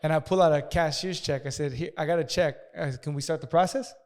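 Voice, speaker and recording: A man casually telling a profane story as a podcast guest, talking fast and acting out the people in it. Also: on the high side, a little mellow. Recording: long hall reverb.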